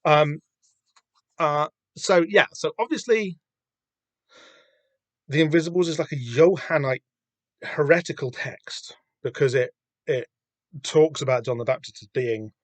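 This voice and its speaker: A man's voice: on the high side, unhurried, pauses often, no echo. A man hosting a podcast, chatting casually and rambling about a comic with lots of fillers and restarts. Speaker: podcast host. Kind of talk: casual comic read-through chat.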